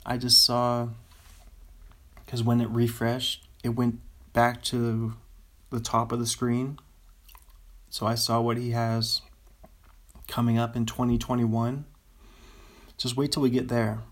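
A man's voice: mid-range voice, monotone, slow pace, pauses often. A young man casually chatting on his own while reading out movie listings, rambling with chuckling asides. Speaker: solo video host. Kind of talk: casual chat reading out a filmography.

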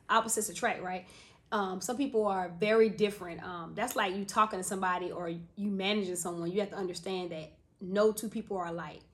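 A woman in her thirties co-hosting a podcast, telling family stories in a casual, animated way and laughing often. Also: medium pitch. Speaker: podcast co-host. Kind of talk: casual chat.

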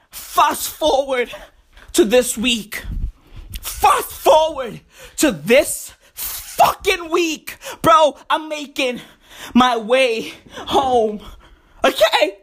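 A woman hosting a podcast in a profane comedic rant. She repeats her phrases and breaks into exasperated shouts. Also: high-pitched, lively intonation, very slow. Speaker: podcast host.

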